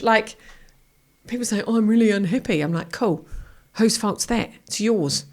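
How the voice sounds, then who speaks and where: A woman's voice: mid-range voice, moderate pace. A middle-aged woman guest speaking bluntly and energetically, acting out little quoted exchanges as she talks. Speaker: guest, author and keynote speaker. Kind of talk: casual interview chat.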